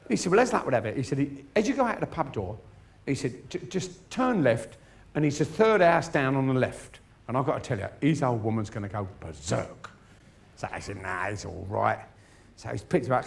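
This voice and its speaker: A man's voice: a little high, animated, fairly quick, creaky. A male stand-up comedian telling a bawdy pub story on stage, swearing freely and jumping between characters' voices. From England. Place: theatre stage. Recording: live stage mic with crowd and hum.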